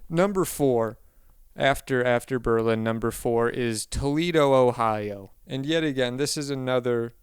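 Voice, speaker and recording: Man, comedic monologue, rambling, self-correcting, deadpan, very smooth voice, dry close sound. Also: mid-range voice, unhurried, no echo.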